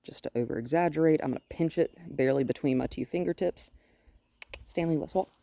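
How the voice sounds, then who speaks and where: A woman working as a dog trainer, calmly explaining her methods during a hands-on outdoor session and often breaking off to praise the dog. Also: low voice, brisk, creaky, dry recording. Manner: calm and explanatory, with frequent cheerful praise for the dog. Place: outdoors near a gate with a noisy HVAC unit.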